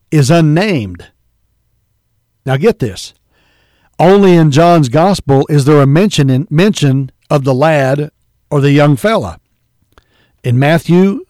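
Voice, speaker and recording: A man preaching with earnest conviction, reading King James scripture and explaining it to his congregation. His voice sits slightly high for a man. The sound is close and dry. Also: darkish tone, no room sound. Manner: addresses listeners as folks and believer. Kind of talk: sermon.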